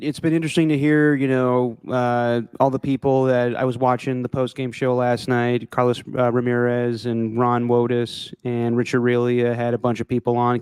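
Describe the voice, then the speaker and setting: A man co-hosting a sports podcast, talking in a relaxed, reflective way with fillers. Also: medium pitch, clean tone, dry recording, clean studio sound. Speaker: podcast co-host. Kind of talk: casual sports chat.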